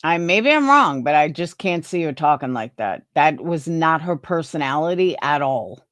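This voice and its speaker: Woman streamer rambling opinions to chat, lively up-down voice, dry close mic. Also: sits low, moderate pace, no echo. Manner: chatty, opinionated, rambling with restarts. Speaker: live streamer. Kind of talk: casual live stream sign-off chat.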